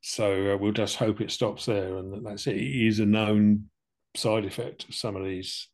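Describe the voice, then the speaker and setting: A man's voice: fairly low pitch, steady tone, normal speed, darkish tone. An older man, casually telling a personal story and acting out both sides of the conversations. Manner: chatty, plain-spoken, acts out both sides of conversations. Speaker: podcast co-host telling his cancer story.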